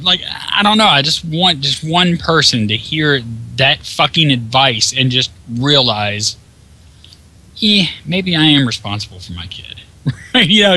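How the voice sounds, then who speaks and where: Bright-voiced ranting man. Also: medium pitch, low-quality recording. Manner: profane, exasperated ranting. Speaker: gameplay commentator. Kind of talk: casual ranting commentary.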